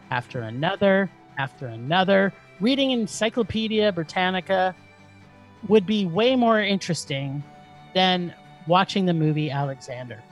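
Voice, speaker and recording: Exasperated woman ranting about a film. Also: mid-range voice. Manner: exasperated, profane, dramatic. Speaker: podcast co-host.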